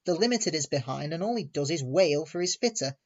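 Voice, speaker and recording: A man voicing a gruff, bossy male railway signalman in a storybook reading. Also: a little high, lively intonation, brisk, a little mellow, dull audio. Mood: snappy. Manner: snappy and gruff.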